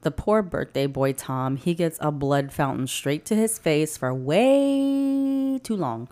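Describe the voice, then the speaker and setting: Low-voiced, blunt, sweary woman. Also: expressive, slow, dark tone. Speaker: podcast co-host. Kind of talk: casual movie recap chat.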